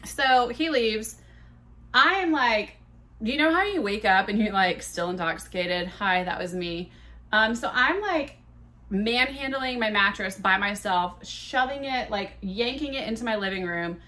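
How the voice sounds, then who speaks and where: Bright-voiced woman telling a candid story. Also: mid-range voice, measured pace. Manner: candid, profane, animated retelling. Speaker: podcast host. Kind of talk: casual storytelling monologue.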